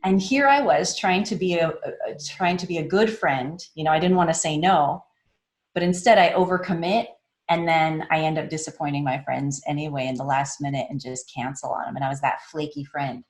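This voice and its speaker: A woman giving a casual conference talk in a chatty way. She laughs often, restarts her words and acts out quoted voices with big jumps in pitch. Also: a little fast, echoey room. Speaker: conference speaker. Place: online meetup talk in a room.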